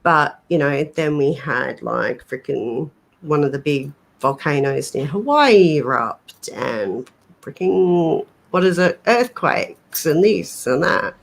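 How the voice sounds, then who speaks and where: A woman co-hosting a casual livestream on her laptop, talking slowly and drifting into a put-on English accent. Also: sits low, expressive, gravelly. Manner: slow, drawn-out, slips into a put-on English accent. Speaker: co-host of a paranormal livestream. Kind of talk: casual chat. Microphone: laptop webcam.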